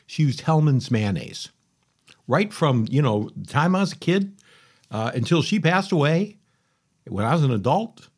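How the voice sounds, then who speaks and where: A man's voice: lowish voice, a little mellow, husky. A middle-aged man hosting a podcast, telling a rambling, folksy story in a casual monologue, often interrupting himself. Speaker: podcast host.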